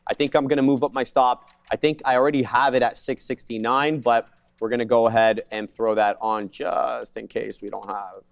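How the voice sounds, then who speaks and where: A man co-hosting a live trading broadcast, rattling off prices, stops and spreads with casual joking asides. His voice sits at a middling pitch, recorded close and dry in a studio. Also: level tone, gravelly, no room sound. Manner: fast jargon-filled trade calls, joking asides. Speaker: day trading show co-host.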